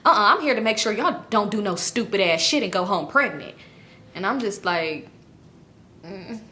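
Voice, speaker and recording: A woman's voice: mid-range voice, lively intonation, normal speed, bright, forceful tone, slight background noise. A young woman vlogger telling a casual storytime, animatedly acting out her friends' lines.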